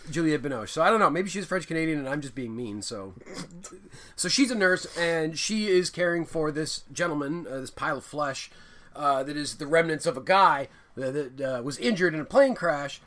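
A man in his thirties co-hosting a film podcast, talking in a loose, rambling way with frequent swearing. His voice is bright and forceful and sits a little high. He keeps the chat casual and jokey. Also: moderate pace. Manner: animated, rambling, swears, laughs often. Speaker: podcast co-host reviewing films.

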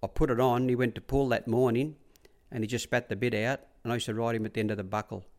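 Talking quickly in a medium-pitched, steady and somewhat mellow voice, a middle-aged Australian ex-track rider spins meandering stories during a casual interview. He performs quoted dialogue and frequently repeats "I said."

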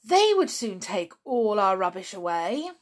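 A woman's voice: medium pitch, very animated, measured pace. A woman voicing a cheerful young male brownie who talks eagerly and persuasively.

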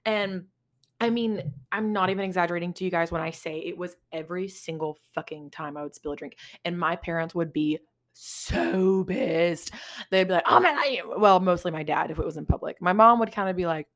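A young woman talks through her solo podcast in loose, candid chat, cursing freely and laughing as she goes. Her voice sits fairly low for a woman. The sound is dry and close, with no room around it. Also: fairly even intonation, a little fast, dry recording. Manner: candid, swears a lot, laughs often. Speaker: podcast host.

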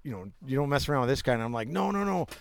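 A man's voice: mid-range voice, rapid-fire, clear, resonant tone, dry recording. A middle-aged man, a former hockey player, telling stories as a guest in a casual chat, rambling, restarting often and swearing freely. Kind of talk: casual storytelling.

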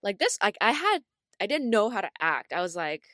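A young woman co-hosting a podcast, telling a story in a casual, animated way with lots of filler words and laughter. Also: medium pitch, a little fast, no echo, studio quality. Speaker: podcast co-host.

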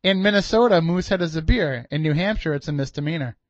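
A man's voice: on the high side, expressive, slight background noise. A man co-hosting a radio show, asking questions and cracking jokes in casual banter. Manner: jokey, quick questions. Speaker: radio co-host. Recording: dry, dull lo-fi sound.

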